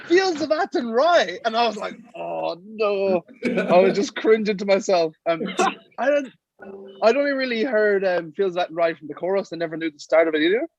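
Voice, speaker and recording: A young man with an Irish accent tells stories on a podcast with a lot of life, slipping into the voices of the people he quotes. His voice sits fairly high, and it comes across dry and a little dull, like a lo-fi recording. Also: quick pace, no echo. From Sligo, Ireland. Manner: lively anecdotes, acting out quotes. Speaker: guest, professional rugby player. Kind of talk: casual podcast storytelling.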